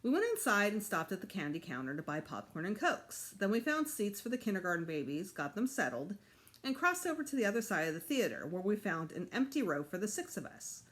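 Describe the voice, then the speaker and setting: Teacher reading a storybook aloud, animated. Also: female voice, medium pitch, fairly quick. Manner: expressive, animated. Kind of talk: reading a children's book aloud.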